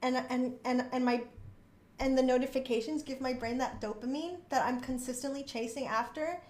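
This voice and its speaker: This woman, who streams and also writes, speaks in a high, steady, slightly mellow voice at a moderate pace. As she plays, she chats bubbly and self-deprecating about her writing and reads from it aloud, in a room with noticeable echo.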